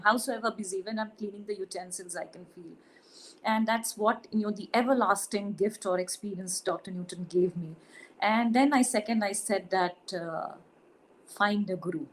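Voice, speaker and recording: A woman with an Indian English accent giving an earnest, halting spiritual testimony, full of fillers and restarts. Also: mid-range voice, low-quality recording. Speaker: spiritual retreat participant sharing testimony. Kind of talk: emotional personal testimony.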